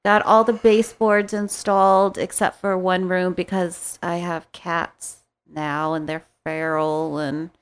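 A woman's voice: fairly low pitch, level tone, measured pace, clean tone. A woman in casual chat with friends, telling rambling stories and laughing often.

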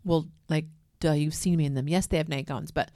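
A woman co-hosting a podcast, chatting casually in a relaxed, matter-of-fact way into a desk mic. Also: deep voice, brisk. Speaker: podcast co-host. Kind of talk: casual chat. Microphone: desk microphone.

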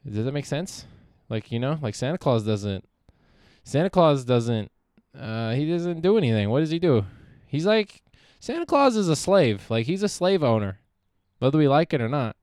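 A man's voice: mid-range voice, animated, moderate pace, darkish tone, clear, resonant tone, no room sound, studio quality. A young man hosting a solo podcast, rambling and swearing freely, often trailing off and restarting. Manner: profane, meandering, self-interrupting. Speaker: podcast host.

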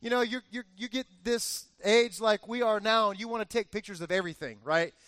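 A man in his forties preaching a sermon as pastor, telling a lively family story and acting out the cheers. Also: high-pitched, a little fast, clean tone, no room sound. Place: church.

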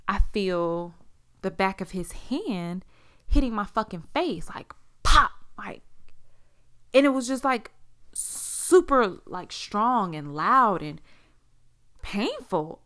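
A woman's voice: very animated, takes it slowly, fairly bright tone. A woman in her forties, originally from Las Vegas, telling a personal story in a candid, blunt way, swearing freely and acting out what people said. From Las Vegas, USA. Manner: acts out quoted speech with big jumps in pitch.

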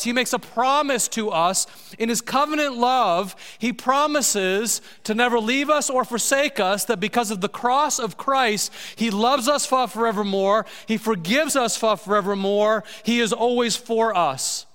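High-voiced pastor preaching in a big hall. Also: male voice, bright, forceful tone, smooth. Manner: emphatic preaching, slowing down to stress key words. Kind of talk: sermon. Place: church sanctuary.

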